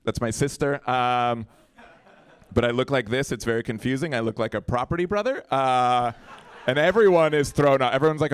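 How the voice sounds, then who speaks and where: A young man from Colombia doing a stand-up comedy set on a club stage into a handheld mic, hosting the night and jumping into quick voices and impressions. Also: mid-range voice, clear, resonant tone, no echo. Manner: animated, jumps into voices and impressions.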